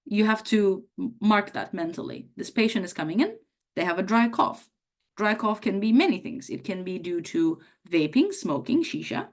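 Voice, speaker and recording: A woman with a hoarse voice from a cough, teaching medical students how to take a patient's history in a conversational way, acting out the questions she would ask a patient. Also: mid-range voice, a little mellow. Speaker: medical lecturer. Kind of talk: teaching a workshop on history taking.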